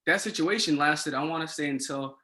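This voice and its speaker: A young man spins a casual story as a podcast guest, his voice bright and edged. He sits a little higher than most men and jumps into excited bursts as he goes. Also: brisk. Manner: animated, swings into excited quoted dialogue. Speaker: podcast guest, resident assistant.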